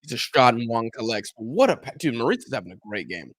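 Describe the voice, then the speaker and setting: A man's voice: medium pitch, quick pace, dry recording. A young man hosting a football watch-along stream, chatting casually with his viewers and acting out what fans say about him. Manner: animated, talks to chat, acts out fans' complaints. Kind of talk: casual live-stream chat and match commentary.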